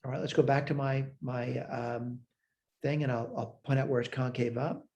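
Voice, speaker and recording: A man with a mellow, darker tone walks through a math lecture step by step. He thinks aloud and checks his own work as he goes. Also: medium pitch, steady tone, normal speed. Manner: talks through worked steps aloud, self-checking. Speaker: math instructor.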